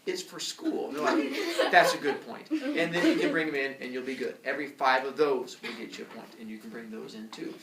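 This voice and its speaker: In an echoey school classroom, far from the mic on a very noisy recording, a man with a medium-pitched, gravelly voice talks a little fast. He explains his points system to the class with dry jokes, livening things up by putting on mock kid voices.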